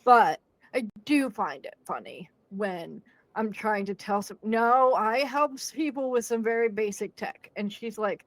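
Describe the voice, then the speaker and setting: A woman's voice: on the high side, measured pace, no room sound. A young adult woman hosting a podcast, telling a story in casual chat, acting out quotes and laughing along. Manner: animated, acts out quotes with laughs.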